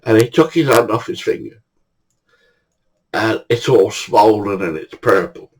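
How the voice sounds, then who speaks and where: Husky older man. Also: lowish voice, unhurried, low-quality recording. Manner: chatty, swears casually, acts out dialogue. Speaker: storyteller. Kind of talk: casual anecdote telling.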